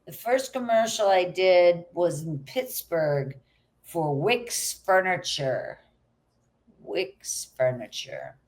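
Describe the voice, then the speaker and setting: A woman's voice: fairly low pitch, lively intonation, takes it slowly, darkish tone. A middle-aged actress, a woman, chatting casually as a guest and laughing easily. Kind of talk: casual interview chat.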